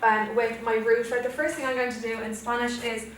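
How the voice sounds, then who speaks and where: A woman's voice: fairly high pitch, flat delivery, fairly quick, fairly bright tone. A young Irish woman teaching a Spanish revision lesson, explaining step by step and often checking "okay?". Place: classroom. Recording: echoey classroom from far off, faint noise.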